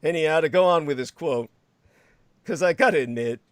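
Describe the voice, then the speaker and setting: A man's voice: a little high, a little fast, clear, resonant tone, dry recording. A man hosting a livestream, rambling in sarcastic commentary with frequent laughter and crude asides. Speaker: livestream host.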